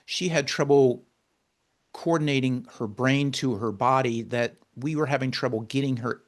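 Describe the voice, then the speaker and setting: A man's voice: mid-range voice, moderate pace. A man being interviewed as a caregiver and author, earnestly recounting a personal story in a heartfelt, conversational way.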